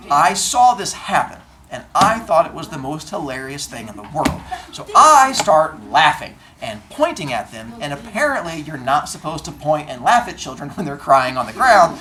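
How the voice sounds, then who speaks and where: A male teacher talking to his class in a classroom, telling stories with deadpan comic exaggeration. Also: fairly high pitch, a little hiss or hum. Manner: animated storyteller, acts out exchanges in comic voices. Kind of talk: classroom talk to students.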